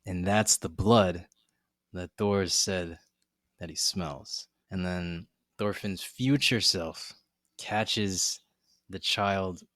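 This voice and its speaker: Deep-voiced man recapping an anime. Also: very slow, a bit bright, no room sound, studio quality. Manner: thoughtful, recapping scenes at length. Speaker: anime discussion podcast co-host. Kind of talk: casual chat.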